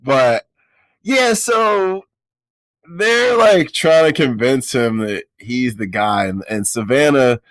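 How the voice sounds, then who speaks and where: A man's voice: medium pitch, slow, no echo. Slangy, laid-back podcast guy. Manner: laid-back slangy, animated retellings with put-on voices. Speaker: podcast co-host. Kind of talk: casual film review chat.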